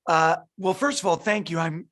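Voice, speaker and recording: In an interview conducted over a video call, a middle-aged film director responds eagerly, repeating words and restarting sentences as he thinks. He speaks at a moderate pace in a voice that's on the high side and a bit bright.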